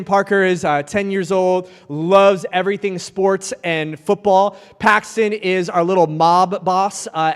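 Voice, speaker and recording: This youth event speaker, a man in his thirties, has a high voice with a fairly bright tone. He preaches in a lighthearted, conversational way and works stories into the sermon. The sound is reverberant, like a hall.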